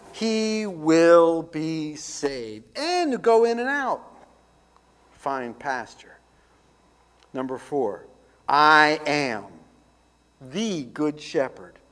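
A man, a pastor, delivering a radio ministry sermon with emphatic, deliberate preaching that repeats key phrases. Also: fairly high pitch.

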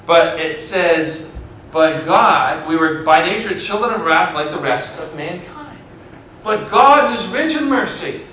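High-voiced preaching man in an echoey hall. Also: slight background noise. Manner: preaching with wide swings in loudness and pace, stretching key words. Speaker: pastor. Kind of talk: sermon. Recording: echoey room, mic far away.

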